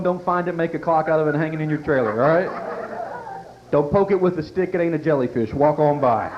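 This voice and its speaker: A man working a club stage with a slightly high voice, firing off crude, self-mocking punchlines at the crowd. The 1990s club tape sounds dull and lo-fi, with a faint hiss of noise under it. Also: lively intonation, brisk. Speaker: stand-up comedian. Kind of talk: stand-up comedy routine. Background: audience laughter and faint room noise.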